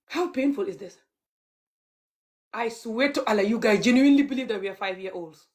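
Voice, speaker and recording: A woman's voice: on the high side, brisk, pauses often, darkish tone. Heated woman ranting. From Gambia. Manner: heated, mocking, laughs bitterly. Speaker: vlogger. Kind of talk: livestream rant.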